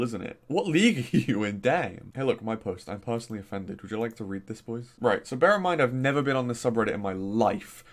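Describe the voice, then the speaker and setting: A young man from Norfolk with a mild Norfolk accent, chatting casually and rambling as he reviews gaming community posts. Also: medium pitch. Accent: mild Norfolk English. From Norfolk, England. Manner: chatty, rambling, exclaiming, many fillers. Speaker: gaming YouTuber.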